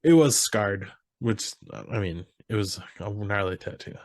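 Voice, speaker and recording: A man's voice: on the low side, a little slow, no echo, clean studio sound. A young man casually recapping a comedy film on a podcast, quoting the characters and laughing as he goes. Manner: animated retelling, quoting characters, swearing, laughing. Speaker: podcast co-host. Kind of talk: casual movie recap chat.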